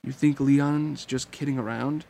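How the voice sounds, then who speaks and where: A man reading an audiobook and voicing a gentle, dopey male cartoon dog knight with a mild drawl. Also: mid-range voice, steady tone, unhurried, creaky. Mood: miserable.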